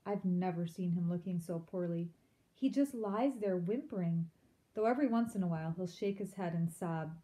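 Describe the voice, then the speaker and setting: A woman's voice: on the low side, moderate pace, mellow, natural voice. A woman voicing a worried mother mouse in a storybook, who speaks in a fretful, anxious manner.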